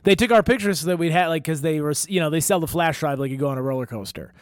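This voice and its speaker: Young dude, kinda high voice, telling wild stories all excited, lots of swearing, dry close sound. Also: male voice, rapid-fire, dry recording. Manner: animated, acts out quotes, swears freely, says "dude". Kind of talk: casual storytelling chat.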